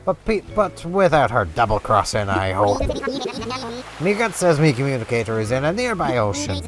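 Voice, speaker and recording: Brief: man putting on a punning pirate seagull, lively hammy sailor growl, game music under it. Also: medium pitch, moderate pace, lightly acted. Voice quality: pirate talk, growled "arr" and "me hearties". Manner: hammy, theatrical, pun-loving. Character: clumsy boastful male seagull pirate, punning.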